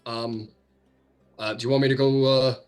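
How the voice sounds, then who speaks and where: A man's voice: mid-range voice, level tone, normal speed, smooth, soft background music, close to an everyday voice. A man voicing a frazzled male ship's hand who is distracted and mildly suspicious, in a tabletop game.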